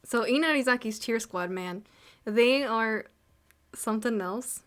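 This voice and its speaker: A young woman co-hosting an anime review, chatting casually and excitedly with many fillers. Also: fairly high pitch, measured pace. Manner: excited, swearing, filler-heavy fan talk. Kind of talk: casual chat.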